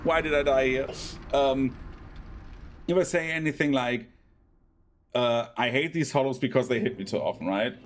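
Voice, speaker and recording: A man's voice: medium pitch, normal speed, long pauses. Rambling man streaming a game. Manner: rambling, full of fillers, bursts into panicked yelps while playing. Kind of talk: casual gameplay commentary.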